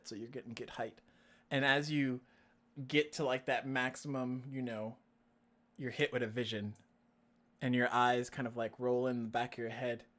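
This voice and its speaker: A man's voice: mid-range voice, a bit bright. A man narrating a tabletop role-playing game as dungeon master, in a casual way with lots of laughter. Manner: casual, laughs often, says "like" a lot.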